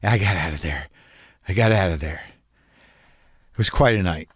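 A man's voice: low voice, moderate pace, breathy edge, no room sound, clean studio sound. A man, a comedian and podcast host, telling a long story in a rambling, profane, self-questioning monologue.

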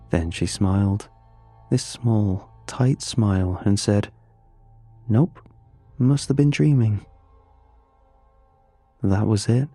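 A man tells a first-person horror story at a slow, careful crawl, his uneasy delivery stretched by long pauses. His voice is very dark and somewhat husky, sitting a little low, with faint music underneath. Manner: measured, uneasy, with drawn-out pauses. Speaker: narrator.

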